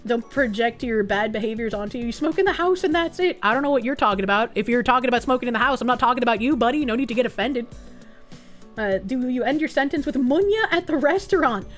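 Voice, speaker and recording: A woman from New England with a Boston-area accent, reading chat on her stream, swearing loudly and breaking into shrieking laughs. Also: quick pace, soft background music. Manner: loud, swearing, bursts into high laughing shrieks.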